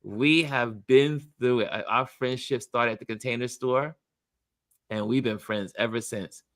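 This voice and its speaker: A man hosting a casual motivational chat, talking about friendship in an animated way and acting out what people say. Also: mid-range voice, measured pace, no room sound, studio quality. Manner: animated, acts out quoted voices. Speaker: host.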